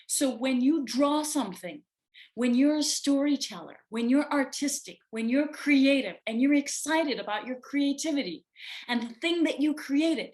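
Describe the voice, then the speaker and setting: A woman teaching a reflective self-development lesson, speaking slowly and emphatically, with pauses and repeated phrases. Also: high-pitched, animated, darkish tone. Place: room with an open window.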